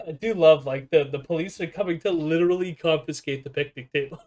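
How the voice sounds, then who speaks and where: A man's voice: a little high, very animated, a little fast, darkish tone. A man hosting a stream, reacting to a clip in casual commentary with a sardonic, swearing edge and frequent laughter. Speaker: streamer host.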